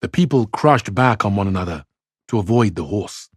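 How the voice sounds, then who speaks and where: A man's voice: on the low side, animated, normal speed, breathy edge, no room sound, clean studio sound. A Scottish man who reads a novel aloud and explains it for exam study, talking conversationally with frequent restarts. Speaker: English literature teacher.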